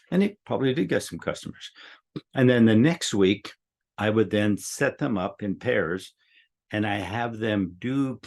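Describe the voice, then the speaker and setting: Older man rambling through a story. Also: deep voice. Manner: rambling, repeats words, soothing when quoting himself. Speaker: guest teacher. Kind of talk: casual storytelling chat.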